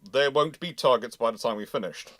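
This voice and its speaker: A man's voice: mid-range voice, brisk, fairly bright tone, dry recording. A man hosting a live naval history Q&A stream, telling rambling anecdotes and acting out the quotes, on a video call mic. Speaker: host.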